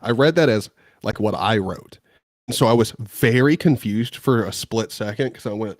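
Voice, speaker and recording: Guy with a low voice cohosting a podcast, rambly and self-deprecating, dry sounding mic. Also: normal speed, no room sound. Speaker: podcast co-host. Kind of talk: casual chat.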